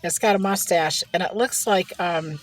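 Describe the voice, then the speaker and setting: With a fairly low voice at normal speed, a woman films a mukbang vlog in her car. Between bites she chats casually, rambling through gossip and laughing a lot.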